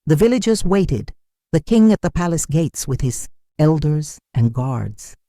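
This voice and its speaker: An unhurried, dramatic storyteller reading a scripted tale. The voice is dark and mellow, and its pitch rises and falls a great deal. The sound is dry and close, with no room around it. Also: sing-song, no echo. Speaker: narrator.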